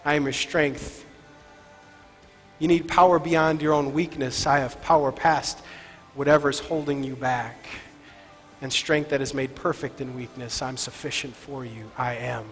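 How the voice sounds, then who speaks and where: A man voicing God in the first person during a sermon, making soft, slow, reassuring promises in a reverberant hall with faint music. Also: high voice. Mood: tender. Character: God speaking, gentle reassuring male voice.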